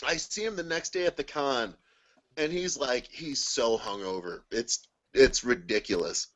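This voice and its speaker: A man telling a story in a casual group video call, animated and laughing often as he acts out the people in it. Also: medium pitch, measured pace, low-quality recording. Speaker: guest.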